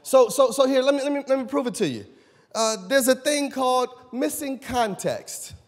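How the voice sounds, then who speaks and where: A man pastor preaching a sermon in a church, animated and conversational, questioning his congregation. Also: extremely high pitch, normal speed. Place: church sanctuary. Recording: long church hall reverb.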